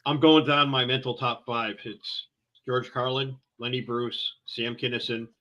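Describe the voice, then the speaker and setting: Bright-voiced man, swearing in loose chat. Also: mid-range voice, fairly even intonation, a little slow, highs cut off. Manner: swears freely, loose and rambling. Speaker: podcast co-host. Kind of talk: casual chat.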